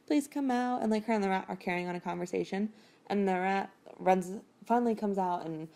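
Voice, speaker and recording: Low, gravelly woman rambling through a recap. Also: warm tone. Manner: rambling, chatty, swears casually, many fillers. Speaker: podcast host recapping a novel. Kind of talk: casual chapter recap.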